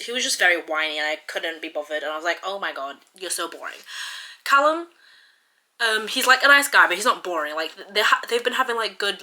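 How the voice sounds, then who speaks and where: A woman's voice: mid-range voice, bright, forceful tone. A young woman chatting casually in a reading vlog, gushing, with lots of filler words. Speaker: book vlogger.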